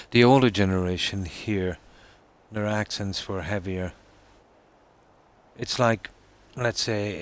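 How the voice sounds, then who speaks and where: A man with an Irish accent chats on a live stream, speaking in a deep, low voice. He talks slowly and easily, reading out viewer comments and answering them at length. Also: slight background noise. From Ireland. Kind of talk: casual live-stream chat.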